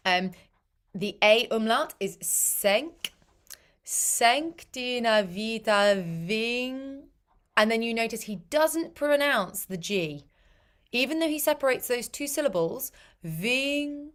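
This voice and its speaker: A woman's voice: a little high, lively intonation, measured pace, a bit bright. A woman coaching a choir on pronunciation, patiently repeating and demonstrating each sound. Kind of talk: language coaching for singers.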